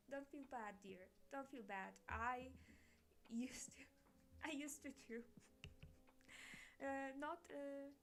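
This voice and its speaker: A young woman from Eastern Europe chatting casually while drawing on stream, rambling, correcting herself and laughing often. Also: sits high. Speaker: art streamer.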